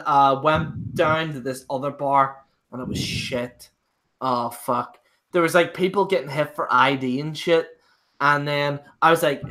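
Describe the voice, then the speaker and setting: A man's voice: on the high side, bright, forceful tone. A young man from Northern Ireland with a Northern Irish accent, hosting a casual live-stream chat and telling pub stories full of swearing and laughter. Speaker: show host.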